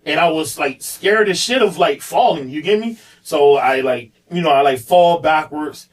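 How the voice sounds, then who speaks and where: On a podcast, a police officer rambles through a candid personal story, full of fillers and repeats. He speaks a little high at a moderate pace, with a distant mic and a rough recording.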